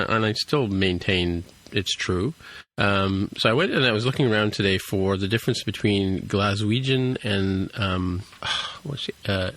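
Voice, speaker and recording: Rambling Canadian man, low voice. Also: fairly bright tone, low-quality recording. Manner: rambling, many ums and restarts. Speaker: podcast co-host and editor. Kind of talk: casual chat.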